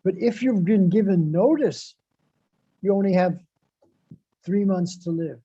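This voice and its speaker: A man's voice: high-pitched, measured pace, dark tone, a little hiss or hum. A man giving a devotional sermon, repeating phrases for emphasis and reciting Sanskrit verses. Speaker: devotional speaker. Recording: dull lo-fi, dry sound.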